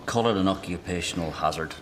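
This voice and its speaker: A gruff jailed husband. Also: male voice, deep voice, noisy background. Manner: guarded, sardonic, sighing. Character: man in prison, gruff and defensive.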